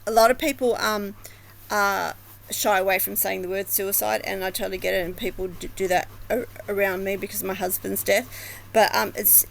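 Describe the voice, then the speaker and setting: A woman's voice: medium pitch, creaky, slight background noise, rough recording. A woman vlogger commenting casually at home, chatty and thinking aloud, swearing now and then. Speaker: vlogger analyzing body language. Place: home with dogs.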